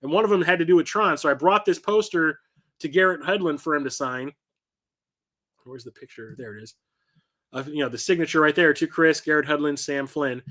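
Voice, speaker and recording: A middle-aged man with a voice a bit higher than most men's hosts a casual show-and-tell vlog. He rambles through his stories, trips over his words and corrects himself as he goes. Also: a little fast, fairly bright tone. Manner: rambling anecdotes, many fillers and self-corrections. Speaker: collector and channel host.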